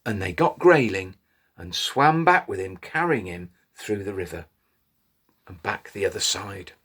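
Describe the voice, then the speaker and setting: A man telling a children's story in an animated way, inviting little listeners to join in. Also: sits low, measured pace, breathy edge. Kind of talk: interactive children's story reading.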